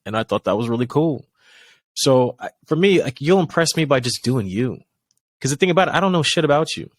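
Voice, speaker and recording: A man's voice: mid-range voice, lively intonation, a little fast, no echo. Rambling man telling a story, dry sound. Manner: rambling, filler-heavy storytelling. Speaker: podcast co-host. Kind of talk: casual chat.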